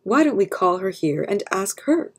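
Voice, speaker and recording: A woman reading aloud, voicing a male general who speaks calmly and turns stern with his soldiers. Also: medium pitch, normal speed, slightly rough. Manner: calm, turning stern. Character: male general, calm but stern commander.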